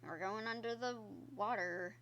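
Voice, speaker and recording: A woman's voice: medium pitch, moderate pace, fairly bright tone, highs cut off, a little hiss or hum. A woman streamer giving casual gameplay commentary, chatty and exclaiming at the game while talking to her viewers. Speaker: gaming streamer. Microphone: own microphone.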